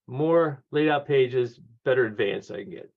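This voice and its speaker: Man, 60s, animated guest storyteller who mimics the people he quotes; average pitch, dull lo-fi sound. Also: measured pace. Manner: lively anecdotes, acts out quoted voices, laughs often. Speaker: guest author. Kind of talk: conversational storytelling. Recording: dull lo-fi audio.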